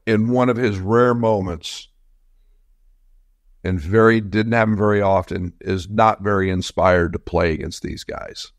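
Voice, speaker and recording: Low gravelly man telling a story. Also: dry recording, studio quality. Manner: halting, many restarts, deadpan anecdote. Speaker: former assistant coach, guest. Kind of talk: casual storytelling.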